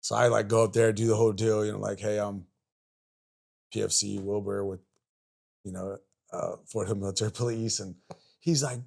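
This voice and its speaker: Gravelly low-voiced man telling stories. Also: little pitch movement, brisk, darkish tone. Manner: rambling, profane, lots of fillers and restarts. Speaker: podcast guest, army veteran. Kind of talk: casual storytelling chat.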